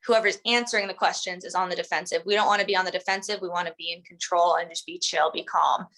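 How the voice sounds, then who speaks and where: Bright, chatty woman sales trainer. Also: fairly low pitch, fairly even intonation, quick pace, poor audio. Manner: chatty, full of "like" and "um", acts out sales lines. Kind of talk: casual instructional talk.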